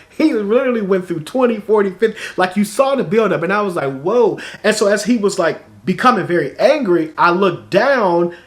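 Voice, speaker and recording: A man vlogger telling a personal story to camera in a chatty, animated way, full of "like"s. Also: high voice. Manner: animated, chatty, filler-heavy with many "like"s.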